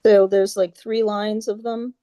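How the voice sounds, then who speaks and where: A woman guides a group through a meditation over a video call, speaking slowly with a mellow, soft tone. She is patient and halting, full of little fillers, and chants her mantras in an even monotone. The sound is dry and close. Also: medium pitch, no room sound. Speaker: yoga class leader.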